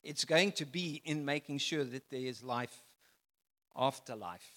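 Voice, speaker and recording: A man preaching a sermon, emphatic, swinging from loud declarations to soft, quiet phrases. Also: medium pitch, measured pace, long reverb tail. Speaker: pastor.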